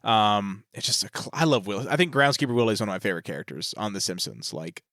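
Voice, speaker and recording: A man's voice: fairly low pitch, expressive, quick pace, a bit bright, dry recording, studio quality. A man co-hosting a podcast in casual chat, easygoing and laughing often while recounting episodes. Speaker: podcast co-host.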